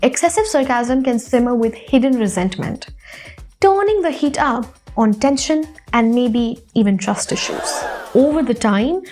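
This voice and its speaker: A woman's voice: on the high side, darkish tone. A woman narrating a scripted science explainer in a playful, upbeat way with rising emphasis.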